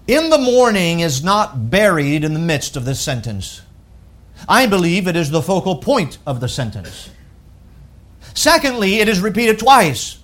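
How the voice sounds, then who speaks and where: Male pastor, high-pitched, emphatic sermon delivery with loud peaks and soft falls. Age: adult with wife and children. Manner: emphatic preaching with wide swings from loud to hushed.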